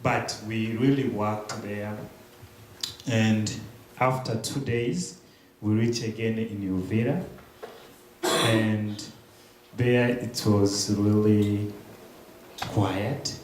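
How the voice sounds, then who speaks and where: Slow man in echoey hall. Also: fairly low pitch. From Democratic Republic of the Congo. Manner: slow, halting storytelling with pauses and restarts. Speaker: guest speaker. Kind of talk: church testimony. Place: large echoey church hall. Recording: very echoey room, faint hiss.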